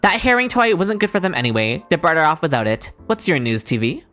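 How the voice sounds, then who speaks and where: Woman streamer talking to chat, low-ish voice, really bouncy delivery. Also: big pitch swings, fast talker, few pauses, fairly bright tone, faint music behind. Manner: chatty, reads and answers chat. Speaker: game streamer. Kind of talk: casual livestream chat.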